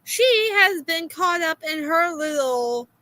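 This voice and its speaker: A high, bright woman with a Florida accent, her pitch swinging widely as she tells a story. She sounds exasperated and fills her pauses with "uh". The sound is dry and close. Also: no room sound, poor audio. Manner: animated, exasperated, many "uh" fillers. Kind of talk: casual storytelling rant.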